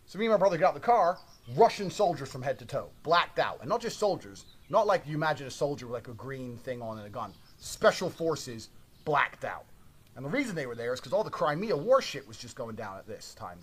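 Fast-talking brash man telling a story. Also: mid-range voice, very animated, husky. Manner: brash, swears constantly. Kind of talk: casual storytelling monologue.

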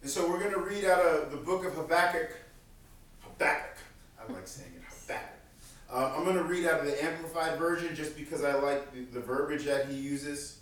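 A man's voice: a little high, steady tone, brisk, hardly any pauses. A man preaching a sermon as pastor, in an earnest, conversational way, repeating key lines for emphasis. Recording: very echoey room, mic at a distance.

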